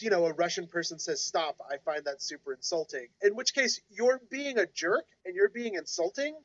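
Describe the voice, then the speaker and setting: Male podcast co-host, high voice, explainer type, dry close sound. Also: a bit bright, no echo, rough recording. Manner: explanatory, lecturing tone. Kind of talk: casual discussion.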